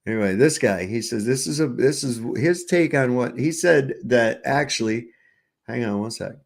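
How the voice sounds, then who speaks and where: Man, livestream host, casual commentary, profane, rambling, average pitch. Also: animated, normal speed, creaky. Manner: rambling, profane, trails off in restarts. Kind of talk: casual commentary over clips.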